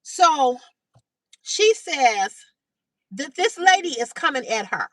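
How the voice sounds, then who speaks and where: A woman hosting a casual livestream, retelling a story in a chatty, animated way and greeting viewers by name. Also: high voice, measured pace, dry recording. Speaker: livestream host. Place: outdoors in sunlight.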